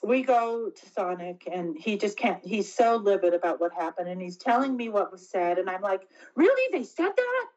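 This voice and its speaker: A middle-aged woman, an interview guest, telling a personal story earnestly and haltingly, often restarting her sentences. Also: mid-range voice, darkish tone, muffled recording.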